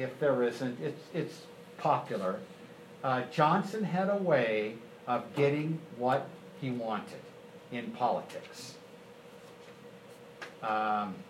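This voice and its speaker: A man's voice: mid-range voice, echoey room, a little hiss or hum, poor audio. A male history teacher giving a casual classroom lecture, telling a story with many fillers and restarts.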